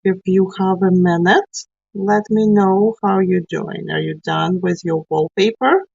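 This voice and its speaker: A woman's voice: medium pitch, unhurried, gravelly, a little mellow, slightly rough, no echo. A woman teaching a live painting class, chatty and encouraging as she works along with her students. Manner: chatty, encouraging, talks while working. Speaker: art teacher. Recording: dry, slightly dull sound.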